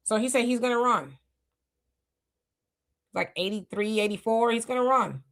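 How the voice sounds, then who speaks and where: A middle-aged woman hosting a live stream, reading viewer comments and talking loosely with many fillers and restarts, her mouth dry from fasting. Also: fairly high pitch, lively intonation, a bit bright. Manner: loose, conversational, reflective, with frequent fillers and restarts. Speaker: livestream host reading chat comments. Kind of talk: casual live talk.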